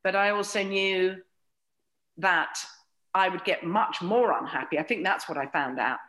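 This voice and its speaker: A woman's voice: on the low side, a little slow, a bit bright. A middle-aged woman, a comedian guest, telling wry, sweary anecdotes and acting out the voices of others. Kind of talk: anecdotal podcast chat.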